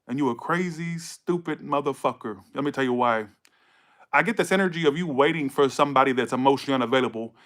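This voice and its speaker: Man, tarot reader, casual, blunt, cursing, mid-pitched voice. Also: fairly bright tone. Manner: blunt, profane, scolding rants; repeats himself for emphasis. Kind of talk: casual tarot reading to camera.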